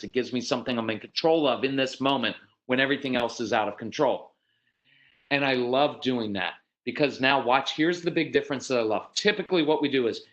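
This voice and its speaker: A man giving a folksy, earnest parenting seminar, speaking directly to dads and acting out quoted parents with sudden leaps in pitch. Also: a bit bright, lo-fi sound.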